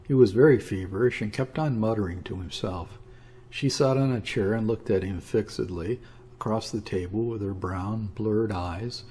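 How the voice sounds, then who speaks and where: A man reading a classic story aloud as an audiobook, in a measured, even storytelling manner. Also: on the low side, breathy edge. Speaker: audiobook reader. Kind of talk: scripted narration of a classic story.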